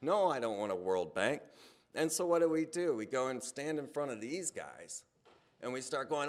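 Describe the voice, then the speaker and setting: A man talking in a loose, conversational monologue at a mid-range pitch. He tells stories with energy, and his voice rises in pitch and volume when he gets excited. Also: moderate pace. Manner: animated storytelling, voice rising when excited. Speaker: speaker on a hypnosis channel. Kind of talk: casual spoken monologue.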